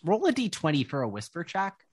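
A man narrating a tabletop game as game master, describing scenes slowly with lots of fillers. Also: on the high side, very animated, breathy edge. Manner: slow, descriptive, rambling with fillers.

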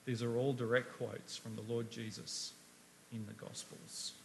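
A man's voice: mid-range voice, little pitch movement, unhurried, gravelly, a little hiss or hum. A man preaching a sermon, emphatic, asking rhetorical questions and reading scripture aloud.

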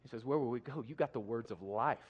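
A man preaching a sermon, emphatic, swinging from loud declarations to hushed passages. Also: medium pitch, quick pace, husky, muffled recording. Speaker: pastor. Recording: live preaching with long hall reverb.

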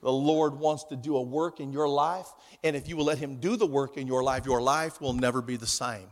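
Man doing a Southern TV preacher with a deep, gravelly drawl and long hall reverb. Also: fairly even intonation, a little fast, natural voice. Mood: preachy. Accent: Southern US (put on).

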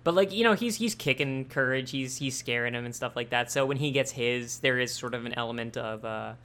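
A man's voice: medium pitch, a little fast, a bit bright, clean tone. A man co-hosting a podcast, chatting casually about a cartoon, rambling and restarting his sentences, laughing easily. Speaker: podcast co-host. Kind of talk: casual chat.

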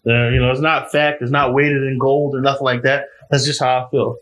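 A man's voice: mid-range voice, little pitch movement, brisk, fairly bright tone. A man talking casually and profanely on a remote video call, ranting in an exasperated way through an earbud mic from home. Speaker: podcast co-host. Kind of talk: casual chat. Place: at home, indoors.

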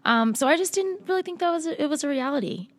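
A woman's voice: high-pitched, lively intonation, fast talker. A woman from Massachusetts, a musician guest, talking casually and telling her story in a podcast interview. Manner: chatty, laughs often, storytelling.

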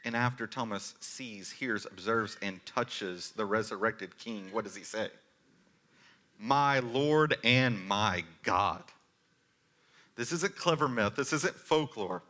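A man in his thirties preaching a sermon as pastor, telling stories earnestly and moving between forceful and hushed delivery. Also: on the low side, measured pace, hardly any pauses. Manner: earnest storytelling, varies loudness from forceful to hushed.

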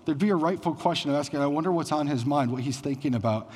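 A man's voice: fairly high pitch, fast, darkish tone, breathy edge, long reverb tail. A man preaching a sermon as pastor, in a conversational style with frequent fillers.

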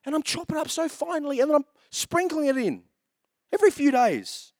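A man's voice: extremely high pitch, big pitch swings, brisk, no room sound, studio quality. A man in his thirties preaching a sermon as pastor, telling jokey stories in a chatty way. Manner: chatty, joking storyteller.

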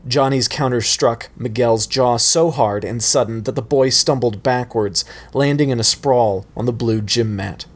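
Relaxed male reader narrating his own story, easygoing delivery. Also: mid-range voice, measured pace, hardly any pauses. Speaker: fan fiction author reading his story. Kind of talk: casual story reading.

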